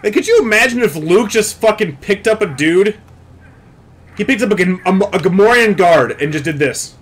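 A young man giving loud, swearing live commentary while playing a video game, often shouting at it. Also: high-pitched, lively intonation, normal speed. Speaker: gameplay streamer. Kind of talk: live let's-play commentary.

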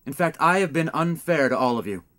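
A man's voice: on the high side, lively intonation, brisk, a bit bright. An actor playing a smug, newly evil male vampire who runs a detective office, giving pompous pep talks in a comic audio drama. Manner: pompous pep-talk delivery, mock-sincere.

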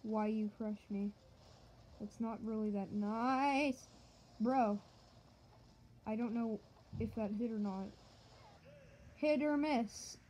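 A fairly high-voiced woman streams a fighting game, chattering and joking straight to her viewers. She gets excitable, shouting at enemies between casual asides, with a faint noise under her voice. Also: slow pace, long pauses, poor audio. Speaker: gaming channel host. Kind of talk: let's-play commentary.

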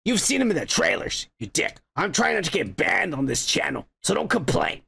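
A man's voice: a little high, huge pitch swings, moderate pace, vocal fry, pushed and bright, husky. A man hosting a podcast, rambling through a profane, casual movie review with lots of restarts. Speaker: podcast host.

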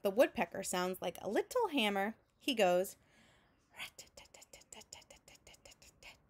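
A woman teacher reading a picture book aloud to children in a slow, clear storytelling manner, making sound effects with her voice between lines. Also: mid-range voice, very animated. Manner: adds vocal sound effects between narration.

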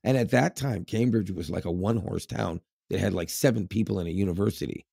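A podcast co-host with a low, gravelly, warm voice and a breathy edge talks fast in casual chat. He rambles, laughs a lot, and is full of fillers and restarts. The studio-quality recording has no echo.

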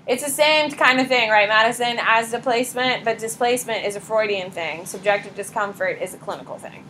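A pregnant woman teaching a high school psychology class in a casual, blunt lecture style, talking straight to her students. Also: fairly quick, pushed and bright, slight background noise, low-quality recording.

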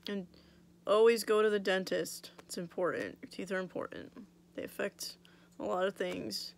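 Gravelly, chatty young woman. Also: mid-range voice, steady tone, moderate pace. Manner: chatty, blunt, swears freely, lots of "like". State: recovering from oral surgery, swollen mouth. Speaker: vlogger. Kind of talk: casual storytelling vlog.

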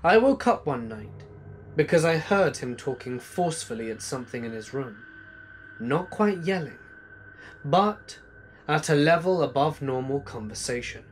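A man reading true scary stories aloud as a narrator, slow and hushed, letting his voice sink low at the ends of lines. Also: lively intonation, slight background noise. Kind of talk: scripted horror narration.

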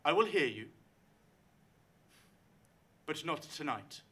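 Stern lizard-folk lady of the house, put on by a man, formal, weary, bright voice. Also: sits low, very animated, slow pace, breathy edge, full character voice. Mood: weary, commanding. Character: stern female lizard-folk matriarch, commanding.

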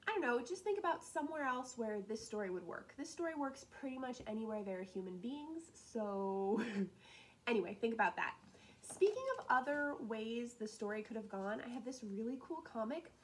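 An upbeat woman teacher walks through class assignments, chatty and prone to little laughs and asides. Her voice sits a touch high. There is a faint hiss of noise under the recording. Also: expressive, moderate pace, low-quality recording. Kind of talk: casual recorded lesson walkthrough.

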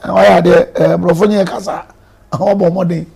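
Ghanaian man, bishop doing marriage advice live online, kinda high voice with gravel in it, earnest and emphatic. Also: level tone, normal speed, warm tone, a little hiss or hum. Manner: switches between Twi and English, earnest and emphatic. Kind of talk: live-streamed pastoral counsel.

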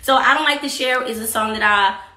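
A woman's voice: fairly high pitch, fairly quick. Chatty Texan woman in an echoey room. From Texas. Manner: chatty, rambling, shout-outs to viewers. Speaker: singer hosting a live stream about her EP. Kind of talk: casual chat.

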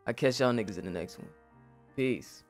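A man's voice: mid-range voice, animated, moderate pace, soft background music. A young man in casual commentary, reacting to a game in an emotional, profane way. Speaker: gaming YouTuber.

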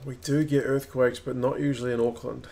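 A man with a New Zealand accent hosting a rugby watch-along, calling plays and chatting with viewers, getting quicker and higher at close calls. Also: flat delivery, vocal fry, mellow. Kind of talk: live match commentary and chat.

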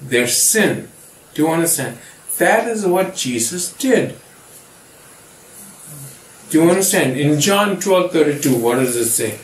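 A man's voice: fairly high pitch, animated, measured pace, pauses often, slight background noise. A man, the pastor, teaching a Bible study and often checking that his listeners understand. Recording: echoey room from far off.

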